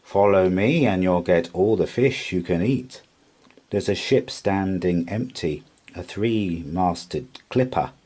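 A man voicing a bold, scheming tomcat pirate captain in a calm, confident storybook voice. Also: sits low, slow pace, breathy edge, heavily acted.

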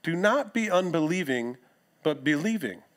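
A man preaching a sermon in church, reading scripture aloud with lively emphasis and casual asides. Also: fairly high pitch, moderate pace. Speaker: pastor.

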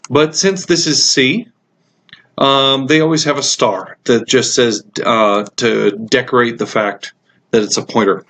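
A man teaching a programming course over a screen recording, explaining code in a relaxed way with frequent ums and uhs, while he has the hiccups. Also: mid-range voice, measured pace, slight background noise. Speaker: computer science instructor. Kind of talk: screencast code walkthrough lecture.

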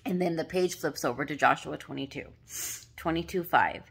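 A low-pitched woman speaks through tears and sniffles, pausing often to search and apologize. Her talk is casual and emotional, like a personal devotional vlog where she reads from her notebook. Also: gravelly, a bit bright, husky. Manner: halting, searching, full of fillers and apologies. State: tearful, sniffling. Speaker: vlogger sharing devotional reflections. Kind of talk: emotional devotional vlog, reading journal aloud.

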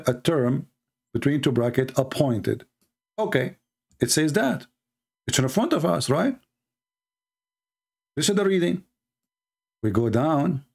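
A man's voice: on the high side, vocal fry, a little mellow, husky. A man giving mocking, polemical commentary as a religious debater, sarcastic and taunting.

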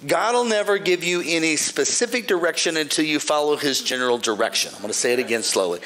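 A male pastor preaches a joke-filled sermon, animated and brisk in a mid-range voice. He swings from shouted praise lines to quiet, dry asides for the congregation.

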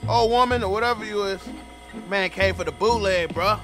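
High-pitched man trash-talking game characters. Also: moderate pace, over music. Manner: loud trash-talking, roasting characters in slang. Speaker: gaming streamer. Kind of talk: comedic game commentary.

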